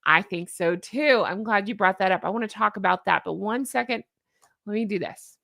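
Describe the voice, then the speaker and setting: A woman's voice: mid-range voice, moderate pace, gravelly, a bit bright, no echo, studio quality. A woman hosting a livestream, chatting casually and opinionatedly with her viewers and reading their comments aloud. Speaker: livestream host. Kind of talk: casual commentary to a live chat.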